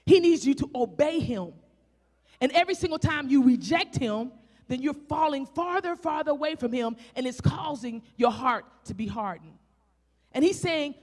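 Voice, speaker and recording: A woman preacher with a Southern country accent, delivering a fervent sermon full of rhetorical questions, rising to shouts and drawing out scripture as she reads. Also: high voice, expressive, a little fast. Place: church sanctuary. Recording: echoey church hall.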